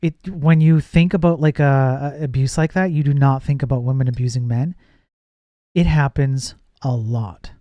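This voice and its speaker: A man's voice: medium pitch, steady tone, normal speed, no room sound, dull audio. A man live-streaming while he codes, thinking aloud and chatting with viewers, with frequent restarts. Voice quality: says his voice gets nasal when projecting. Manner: thinks aloud, reads chat, trails off and restarts. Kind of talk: casual live-stream chat while coding.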